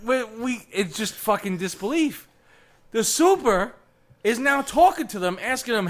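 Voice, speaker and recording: Animated, profane male storyteller. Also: very high voice, unhurried. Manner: animated, profane, gets loud and laughing as the story builds. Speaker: podcast co-host. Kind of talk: casual chat, telling a funny story.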